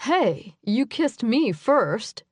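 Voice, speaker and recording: A woman voicing a wounded young man who speaks softly and gently to his lover. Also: a little high, sing-song, extremely slow, dry recording, full character voice. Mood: tender.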